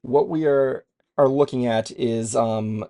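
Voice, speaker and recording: A man with a gravelly, creaky voice chats casually as a co-host of a trailer reaction show. He rambles from point to point, pokes fun at himself, and swears freely along the way. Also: mid-range voice, steady tone, slow pace, dark tone. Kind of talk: casual chat.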